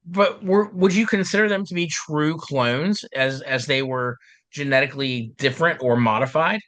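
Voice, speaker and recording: A male podcast host chatting casually, joking and filling with "uh", his voice a little deeper and rough after being ill. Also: moderate pace, fairly bright tone, no echo. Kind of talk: casual chat.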